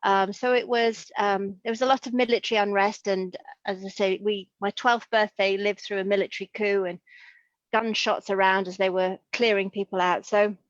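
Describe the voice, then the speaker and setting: A woman's voice: medium pitch, level tone, moderate pace, no echo, dull audio. A middle-aged woman from Liverpool, a consultant podiatrist, talking chattily and with enthusiasm in an interview over a video call. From Liverpool, England. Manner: chatty, enthusiastic, full of asides.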